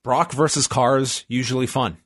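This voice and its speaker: A man's voice: medium pitch, steady tone, moderate pace, no echo. A man co-hosting a casual podcast, recapping events step by step with dry asides. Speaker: podcast co-host recapping wrestling. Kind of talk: casual chat.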